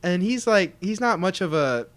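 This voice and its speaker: A young man with a somewhat high voice chats on a podcast. He tells stories in a lively, slangy, profane way, and his pitch leaps up and down as he acts out the people in them. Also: moderate pace. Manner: animated storyteller, slangy and profane. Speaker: podcast co-host. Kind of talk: casual chat.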